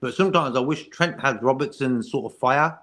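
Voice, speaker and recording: An easygoing man co-hosts a casual fan chat, making his points with homely everyday comparisons. His voice sits at an ordinary middle pitch. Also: moderate pace, a bit bright. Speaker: regular co-host.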